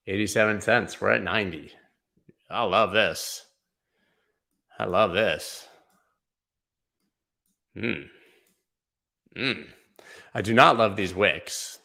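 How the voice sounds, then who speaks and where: A man's voice: sits low, vocal fry, pushed and bright. A man hosting a casual live stream of crypto chart analysis, making joking asides to his chat. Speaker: livestream host doing crypto chart analysis.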